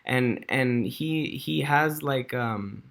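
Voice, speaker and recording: A man's voice: mid-range voice, slow pace, vocal fry, fairly bright tone. A man ranting casually to camera in a slangy, rambling way, full of fillers, swearing, dude and bro. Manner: rambling, restarts, chuckles to himself. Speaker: vlogger.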